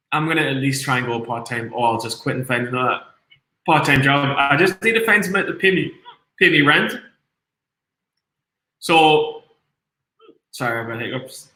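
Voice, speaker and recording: In an echoey room, a man with a fairly high, sharp-toned voice streams his live stock trades. A bit tipsy on red wine, he swears constantly and reads the chat aloud as he comments on the trading.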